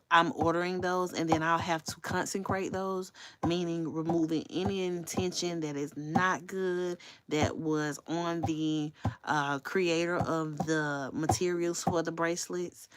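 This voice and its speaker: A woman's voice: sits low, fairly bright tone. A woman hosting a casual livestream, chatting candidly with her viewers and swearing freely. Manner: talks straight to viewers. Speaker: livestream host.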